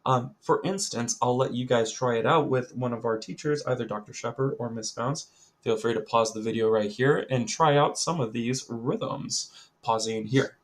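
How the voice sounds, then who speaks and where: A young man teaching a recorded music lesson to children, chatty, talking straight to the students and filling pauses with lots of ums. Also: medium pitch. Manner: chatty, addresses students directly, many ums.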